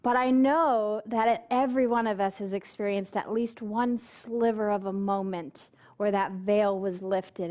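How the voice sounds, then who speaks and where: A woman's voice: mid-range voice, fairly even intonation, unhurried, few pauses, mellow. A woman minister preaching a sermon, telling a story and putting on quoted voices, and asking the congregation questions directly.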